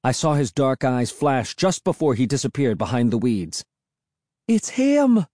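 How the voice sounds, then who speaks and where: An audiobook narrator reading a first-person story with suspenseful, expressive delivery. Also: medium pitch, moderate pace, no echo, clean studio sound.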